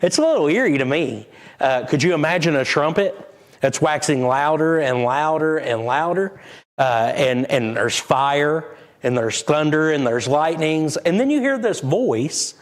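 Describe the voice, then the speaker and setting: Halting, conversational preacher man. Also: fairly high pitch, expressive. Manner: conversational, halting with many fillers and restarts; reads scripture aloud in King James wording. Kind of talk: casual Bible-study sermon.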